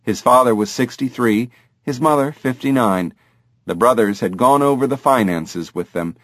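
A man narrating an audiobook in an expressive, animated reading style. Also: mid-range voice, normal speed, no echo, studio quality. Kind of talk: scripted narration.

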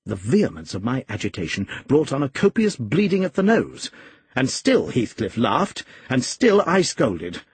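A man reading a classic novel aloud, expressive and measured. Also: medium pitch, breathy edge, no room sound. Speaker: audiobook reader. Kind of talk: scripted novel narration.

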